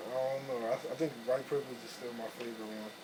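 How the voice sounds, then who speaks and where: A man's voice: mid-range voice, fairly even intonation, quick pace, noisy background. A man co-hosting a reaction video, making laid-back, slangy comments in casual chat.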